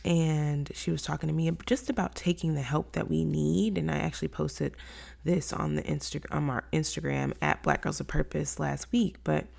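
A woman's voice: low voice, steady tone, moderate pace, vocal fry, darkish tone. A young woman hosting a faith-based podcast, telling a candid personal story and acting out her own quoted thoughts. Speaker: podcast host.

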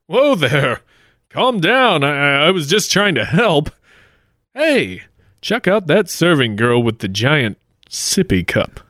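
A man's voice: fairly high pitch, very animated, slow pace, a bit bright, no echo, clean studio sound, heavily acted. A man playing a friendly, bumbling grail hunter in a 1940s-style radio play, easygoing and a little stammering. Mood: helpful.

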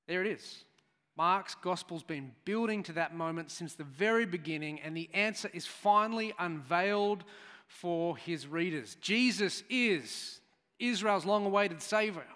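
A man's voice: sits high, expressive, a little slow, bright, forceful tone. A man preaching a sermon, chatty and storytelling, with asides to the congregation. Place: church hall. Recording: church hall reverb.

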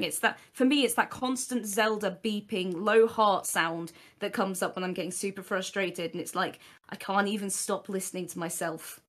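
A woman in casual group chat, blunt and reflective, swearing and getting animated when telling stories. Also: mid-range voice.

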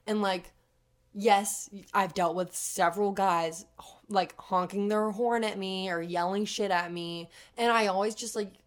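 A young adult woman telling stories on a podcast in casual chat, animated and swearing freely, with constant "like" fillers. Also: medium pitch, a little slow. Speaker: podcast co-host.

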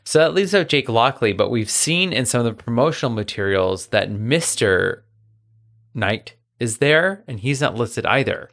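A man's voice: mid-range voice, animated, moderate pace, vocal fry, a bit bright. Playful man in casual podcast chat. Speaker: podcast co-host.

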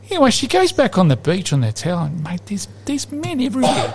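A man's voice: sits high, brisk, background noise. A man, a podcast host telling a long rambling joke in casual chat. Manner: rambling, lively, laughs at his own joke.

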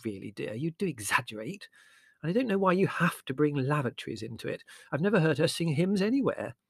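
A man voicing a vague, fussy middle-aged mother who is mild, flustered and gently reproving. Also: a little high, very animated, brisk, vocal fry, husky, no echo, pitched above the performer's own voice, heavily acted.

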